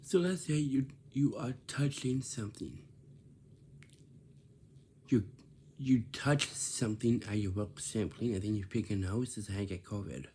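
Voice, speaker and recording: A man's voice: lowish voice, unhurried, long pauses, mellow, slight background noise. A man giving casual workplace advice in a repetitive, scolding way, often checking with "right?". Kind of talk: casual instructive monologue.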